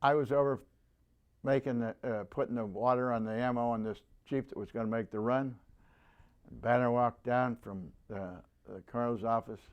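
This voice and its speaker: A man's voice: mid-range voice, fairly even intonation, smooth, highs cut off. Veteran in his nineties, interviewee: rambling, stop-start storyteller who acts out the people he quotes. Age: 90s. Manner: halting, rambling delivery with many restarts. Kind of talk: oral history storytelling.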